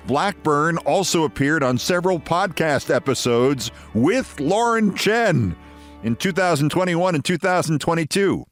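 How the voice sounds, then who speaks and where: A man from New York delivers scripted political commentary with sarcastic, theatrical flair. His voice sits fairly high and swoops widely in pitch. Faint music plays underneath. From New York, USA.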